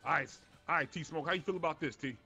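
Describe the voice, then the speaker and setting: A man's voice: a little high, racing. A man roleplaying a brash gang leader in a crime game, boastful and stammering. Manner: boastful, stammering restarts, loud bursts. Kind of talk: in-character game roleplay chat.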